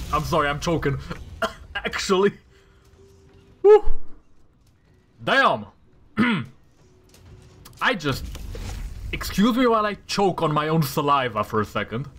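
Lively, profane gamer guy. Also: medium pitch. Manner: profane, trash-talking enemies; talks to himself, reacting to rolls. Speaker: gamer playing a tactical role-playing game. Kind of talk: casual gameplay commentary.

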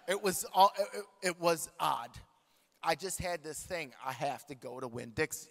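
A man's voice: fairly high pitch, normal speed. A man preaching a sermon, telling a story with jokes and calling out to the congregation. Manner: animated, joking, talks to the congregation. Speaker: pastor. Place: large church hall. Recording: long hall reverb.

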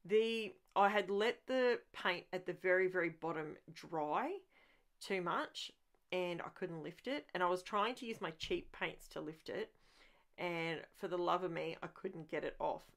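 A woman's voice: lowish voice, measured pace. A woman hosting a crafting video, talking over her process in a chatty, rambling way that is full of enthusiasm. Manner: chatty, rambling, thinks aloud with frequent restarts; enthusiastic about messy art play.

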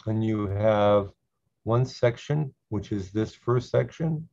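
A man teaching a slow Hebrew reading lesson, patiently repeating each syllable so learners can follow. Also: lowish voice, creaky, darkish tone. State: clearing his throat. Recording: dull lo-fi sound.

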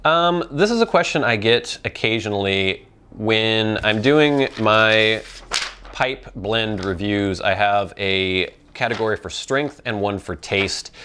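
A young man hosting a casual viewer Q&A, thinking out loud with many ums and restarts. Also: fairly low pitch. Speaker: pipe tobacco channel host.

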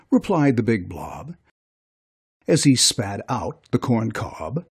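A narrator reading a children's storybook aloud in an expressive, sing-song way. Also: mid-range voice, slow pace, slightly rough.

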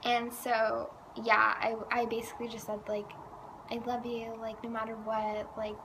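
Teenage girl vlogger, bright and forceful voice, slightly high, faint noise behind. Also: monotone, normal speed. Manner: chatty, says "like" a lot. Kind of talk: casual storytelling.

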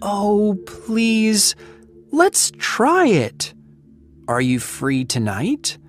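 A woman's voice: mid-range voice, wildly swooping pitch, drawn-out words, soft background music, pitched above the performer's own voice, full character voice. A woman voicing an eager, cheerful teenage girl who lives next door, in a storybook reading. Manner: bright, cheerful, talkative.

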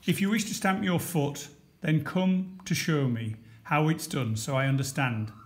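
A man playing the sea, storybook figure, calm, wise, quiet, gently questioning. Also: a little high, unhurried.

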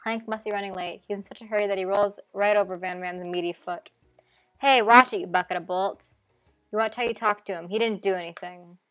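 A woman's voice: medium pitch, fairly even intonation, quick pace, hardly any pauses, faint music behind. Wry woman streamer reading a game. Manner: wry, playful narration with asides.

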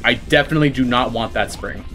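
A man giving excited commentary while playing a video game, swinging between calm explanation and shrieking, laughing panic, swearing a lot and boasting jokingly. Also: medium pitch, fast, soft background music. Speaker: gaming YouTuber.

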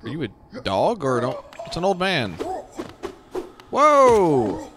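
A man hosting a let's play, commentating his gameplay in an excitable, self-mocking way. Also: mid-range voice, a little fast. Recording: game music behind the voice.

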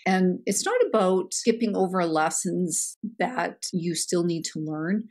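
A woman co-hosting a spiritual podcast, explaining things calmly and reflectively, sometimes searching for words. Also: on the low side. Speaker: podcast co-host.

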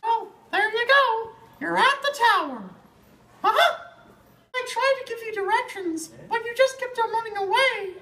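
A woman voicing a manic, squeaky male cartoon mouse in a student comedy sketch, shrieking and rambling. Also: lively intonation, moderate pace, music in the background, rough recording. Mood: sulky.

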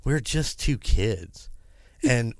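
A man's voice: mid-range voice, expressive, extremely slow, a little mellow, dry recording, clean studio sound. A man co-hosting a podcast, reading a paranormal story aloud with chatty asides and the odd restart.

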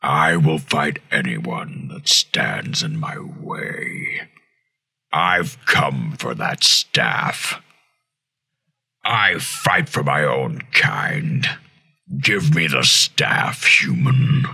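A man doing an impression of a giant commanding male robot leader through a processed voice effect with tightened bass. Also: big pitch swings, very slow, sharp tone, heavily acted. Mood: threatening. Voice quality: booming, gravelly.

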